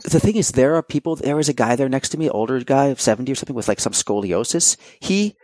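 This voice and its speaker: A podcast guest, male, speaks fast in an expressive, medium-pitched voice with a darkish tone and no room sound. Loose and conversational with lots of fillers, he tells animated stories and dramatizes his own thoughts.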